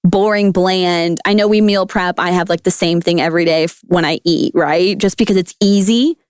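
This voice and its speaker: A woman's voice: lowish voice, moderate pace, smooth, no room sound, clean studio sound. A woman who used to be a food scientist, a podcast guest riffing playfully on words in casual chat. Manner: animated, silly, riffing on words.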